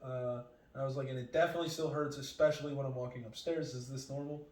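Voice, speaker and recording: A male comedian telling a story on a podcast, animated and profane, acting out other people's lines. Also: medium pitch, quick pace. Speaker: comedian guest. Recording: echoey room, distant mic.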